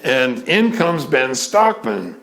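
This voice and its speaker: A man telling a theater anecdote in a lively way, acting out what people said and stalling with fillers as he hunts for names. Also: mid-range voice, slow pace. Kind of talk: anecdotal storytelling.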